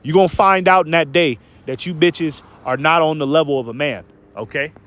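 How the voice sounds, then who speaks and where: Male online preacher, slightly high pitch, emphatic and repetitive, stumbles on words while reading verses. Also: brisk, fairly bright tone. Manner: emphatic, keeps asking "okay?" and "man". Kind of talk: preaching rant with scripture reading.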